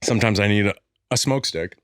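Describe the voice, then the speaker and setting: A man's voice: lowish voice, a little fast, fairly bright tone, clear, resonant tone, no room sound, clean studio sound. A man hosting a comedic podcast with rambling, jokey banter and a mock-salesman patter. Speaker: podcast host.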